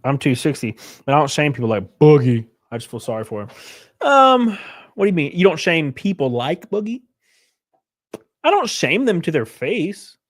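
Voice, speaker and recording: This livestream host has a slightly high voice with lively intonation and a moderate pace. He reads chat comments aloud and responds casually, joking and rambling as he goes.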